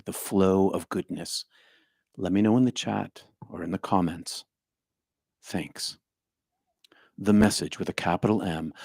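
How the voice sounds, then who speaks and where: An older man leading a livestreamed meditation and spiritual talk, speaking slowly and deliberately with emphatic stresses and quiet, hushed stretches. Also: sits low, dry recording, clean studio sound. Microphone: home streaming microphone.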